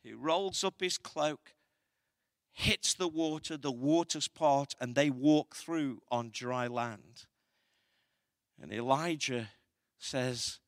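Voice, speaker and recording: A man's voice: medium pitch, slow, no room sound, studio quality. A man preaching a sermon as pastor, building to emphatic, repeated declarations. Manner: preaching with rising intensity, emphatic repetition.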